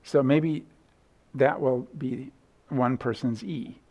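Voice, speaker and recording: A man's voice: mid-range voice, fairly even intonation, takes it slowly, a little mellow. A middle-aged man lecturing casually in a lecture hall, thinking aloud with restarts and sung vowel demos. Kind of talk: university lecture.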